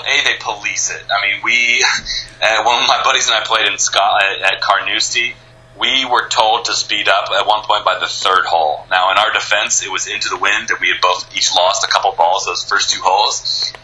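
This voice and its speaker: A man's voice: fairly low pitch, moderate pace, bright, forceful tone, rough recording. A man from the United States, a guest in a casual interview, talking in an enthusiastic, rambling way with many restarts.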